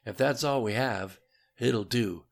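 A man voicing a gruff, hard-driving male military commander in an audiobook. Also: medium pitch, takes it slowly. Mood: commanding. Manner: barking orders. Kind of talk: audiobook reading.

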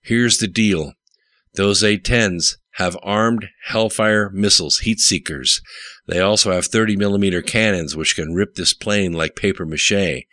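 A curt commander who barks short orders, voiced by a man reading aloud. He keeps the narrator's own very low voice, with a bright, forceful tone and a dry close sound. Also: measured pace, no echo. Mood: commanding.

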